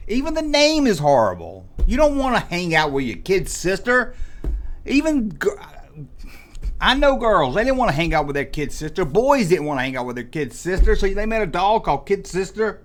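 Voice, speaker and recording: A man's voice: high voice, big pitch swings, normal speed. A man in his forties hosting a comedic rant, sarcastic and full of mock exasperation. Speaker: host.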